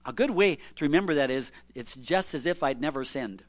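A male preacher teaching from scripture in a sermon. His voice sits high and swings widely in pitch as he reads verses and then explains them conversationally. He keeps asking rhetorical questions along the way. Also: expressive, brisk.

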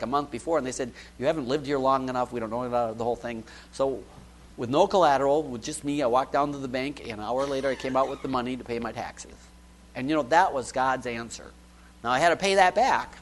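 A man's voice: medium pitch, rough recording. Conversational man preaching a testimony sermon. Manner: conversational, frequent "you know" and soft laughs; dynamic, shifting between loud and hushed.

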